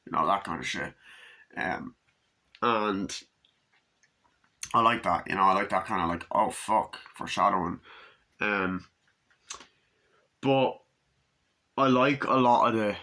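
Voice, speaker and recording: A man talks through a film in a casual, meandering way, his low-set voice sounding bright and forward. He swears freely, leans on fillers, and keeps slipping into quick impressions of the characters. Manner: loose and profane, full of fillers, acts out quotes. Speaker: movie reviewer. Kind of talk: casual rambling movie review.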